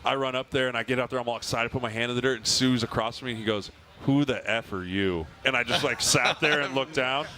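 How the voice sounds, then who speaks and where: A former lineman talks fast and with a bright, forceful edge. He spins animated stories for a live audience at an outdoor fair stage. Faint ambience sits behind him. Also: medium pitch, slight background noise. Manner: storytelling, animated. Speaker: podcast co-host, former lineman. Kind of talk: casual chat at a live show.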